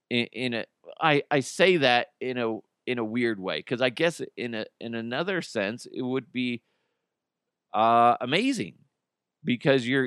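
A man's voice: medium pitch, a bit bright, clear, resonant tone, no room sound, studio quality. A man hosting a casual solo podcast, rambling and cursing freely, with many restarts and broken-off sentences. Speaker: podcast host.

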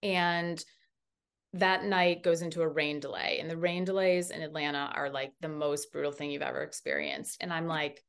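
A woman in her thirties, a podcast guest, telling a story in a casual, animated way, full of "like" fillers. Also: deep voice, normal speed, gravelly, clean tone.

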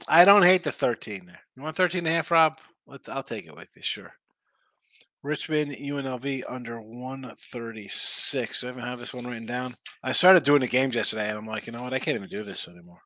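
A worn-out man rambles through a betting stream, laid-back and slangy, his voice bright and forward. The sound is close and dry, with no room around it. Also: mid-range voice, no room sound. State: tired, yawning, injured arm. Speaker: sports betting show host. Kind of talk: casual live-stream chat reading viewer comments.

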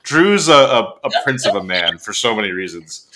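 A man's voice: lowish voice, big pitch swings, normal speed, bright, forceful tone. A man co-hosting a casual fan podcast, laid-back and rambling, laughing as he talks. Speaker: podcast co-host.

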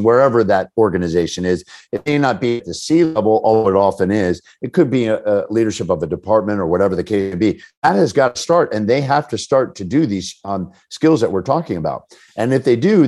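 A middle-aged man, a leadership speaker, answering questions in a podcast interview and acting out the people in his stories. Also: fairly low pitch. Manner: animated storyteller, acts out quoted people.

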